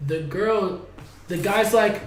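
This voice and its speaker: A laid-back young man tells a loose, slangy story on a casual podcast. His voice runs fairly high. He is heard in an echoey room with faint background noise. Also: slow. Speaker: podcast co-host.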